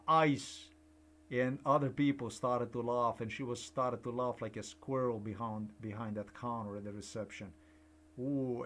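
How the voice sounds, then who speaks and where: A man's voice: medium pitch, a bit bright. An older man, giving rambling personal commentary that repeats and digresses. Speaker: vlogger.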